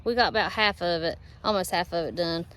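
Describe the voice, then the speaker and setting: A middle-aged woman from North Carolina with a Southern accent, co-hosting a casual vlog in a chatty, relaxed way, speaking straight to viewers from a garden and a car. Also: fairly low pitch, fairly quick. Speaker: vlog co-host. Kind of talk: casual chat. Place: garden outdoors, then car. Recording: clear outdoor and car noise.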